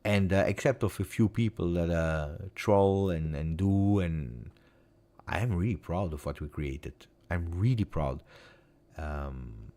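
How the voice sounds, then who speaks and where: A man's voice: low voice, takes it slowly. A man in his forties with an Italian accent, hosting a casual live stream, emotional and repeating himself. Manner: emotional, repeats words, shifts between loud and soft. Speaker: football fan channel host.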